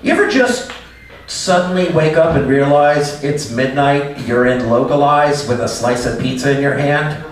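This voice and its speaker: A man's voice: on the high side, moderate pace, a little hiss or hum. A man doing a live stand-up set in a small cafe, rambling and cutting himself off mid-sentence. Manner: rambling, self-interrupting delivery. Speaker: stand-up comedian. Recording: echoey room, far mic, audience. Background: laughing audience.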